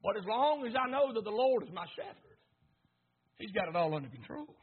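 A man preaching a sermon with fervent, rhythmic repetition, swinging between hushed lines and shouts. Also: sits high, very animated, brisk, husky, phone-quality sound. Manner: rhythmic repetition, asks congregation to repeat.

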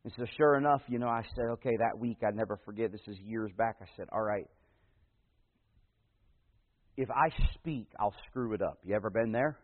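A man preaching a sermon as pastor, telling a personal story in a folksy way, moving between loud emphatic passages and hushed slow ones. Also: on the low side. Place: church. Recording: tinny phone-like radio broadcast in a big reverberant hall.

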